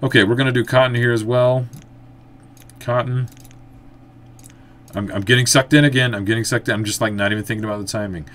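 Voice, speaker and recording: A man giving casual let's-play commentary, thinking aloud as he plays and breaking into excited outbursts. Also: medium pitch, fairly quick, pauses often. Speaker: gameplay commentator.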